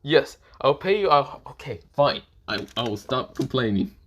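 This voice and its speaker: A man's voice: mid-range voice, animated, normal speed, a bit bright, slight background noise, natural voice. A man voicing a pushy young male student who rambles with many fillers and pleads with his friend. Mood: pleading. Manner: hesitant, rambling with lots of fillers.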